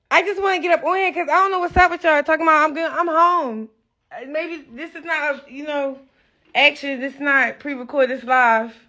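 A woman talking casually on a live stream, rambling and excitable, full of slang and losing her train of thought. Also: high-pitched, muffled recording.

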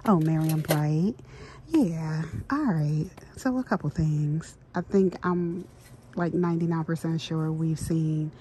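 A woman chatting to her viewers in a casual shopping vlog, excitable and talkative, filmed on a handheld phone inside a store. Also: low-pitched, measured pace. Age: adult, married mother. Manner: chatty, excitable, talks to viewers as "girl" and "y'all". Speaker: vlogger. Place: inside a large retail store. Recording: store background noise and clicks.

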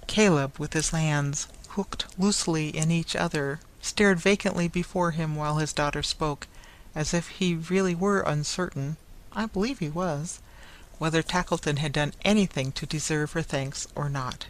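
Measured storybook narrator. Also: mid-range voice, rough recording. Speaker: audiobook narrator.

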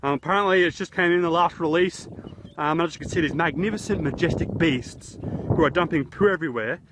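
A slightly high-pitched Australian man goofs around on a vlog out in a horse paddock. He rambles and mocks himself into a handheld camera. Faint background noise sits under his voice. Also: fairly quick, a bit bright. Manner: jokey, rambling, self-mocking. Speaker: YouTuber host. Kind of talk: goofy outdoor vlog.

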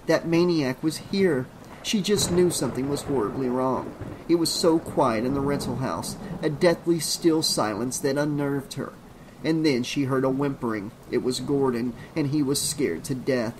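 A man reading a horror novel aloud as an audiobook narrator, in a measured, suspenseful delivery. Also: medium pitch, noisy background.

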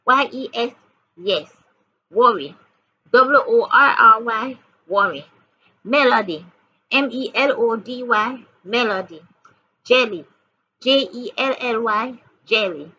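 Slow, bright-voiced woman reading teacher. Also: fairly high pitch, slightly rough. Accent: Jamaican. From Jamaica. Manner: spells words letter by letter, repeats words and questions. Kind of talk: slow spelling and reading lesson. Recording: dull lo-fi audio with faint background noise.

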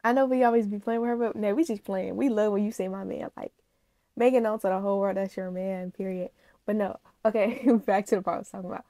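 A woman reaction vlogger in a casual chat to her viewers, speaking, animated, gushing and emotional. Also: medium pitch, quick pace, no echo. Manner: chatty, animated, addresses viewers as y'all.

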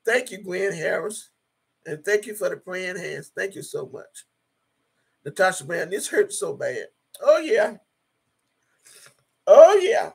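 A woman hosts a casual livestream and reads her viewers' comments aloud. Her voice is gravelly and husky with a rough edge. She talks bluntly, swears freely and slips into prayer. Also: fairly low pitch, unhurried, a bit bright. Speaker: YouTube live streamer.

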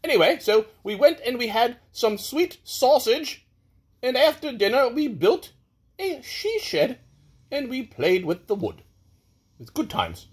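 A man's voice: big pitch swings, a little slow, slightly rough, full character voice. A man putting on a pompous, mustached British lord with a hammy, lurching delivery in a comic birthday video. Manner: hammy, lurching between shrill and low.

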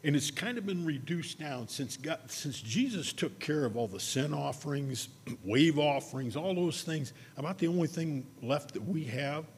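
A man preaching a sermon, telling a personal story in a conversational way and slowing down to stress key words. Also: on the high side, lively intonation, big-room sound, slight background noise. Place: church sanctuary.

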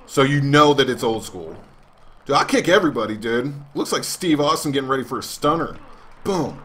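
A man's voice: mid-range voice, lively intonation, fairly quick, a bit bright, a little hiss or hum. A man commentating a wrestling video game as a let's play host, joking in a mock announcer way. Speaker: gaming channel host.

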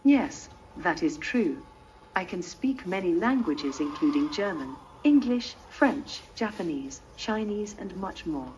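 A synthetic woman's voice as a polite humanoid robot. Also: lowish voice. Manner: polite, measured, even delivery. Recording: dull muffled sound with faint hiss.

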